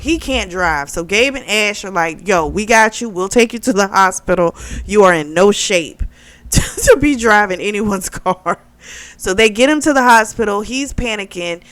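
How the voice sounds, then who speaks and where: A woman's voice: medium pitch, a bit bright, smooth, dry recording. A woman casually recapping a novel's plot, talking through the characters' lines with lots of fillers. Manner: chatty, retells with quoted dialogue and many fillers. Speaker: book club vlogger.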